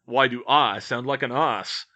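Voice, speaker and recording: A man's voice: mid-range voice, a little slow, sharp tone. A man voicing an exasperated young man who protests indignantly in a storybook reading.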